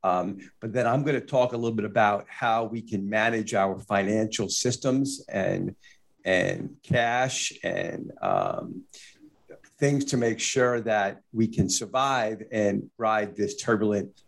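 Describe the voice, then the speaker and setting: A man in a casual business discussion on a podcast, talking thoughtfully and often pausing with "uh" and "um". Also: on the low side, expressive, vocal fry. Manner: thoughtful, with frequent fillers and restarts. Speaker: managing partner, regular podcast guest.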